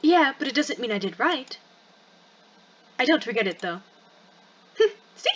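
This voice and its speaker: A woman voicing a gentle, sorrowful male wizard gatekeeper with a soft, resigned, consoling way of talking, read aloud from a game. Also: high-pitched, big pitch swings, a little slow, husky, muffled recording, heavily acted. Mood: gentle, sad.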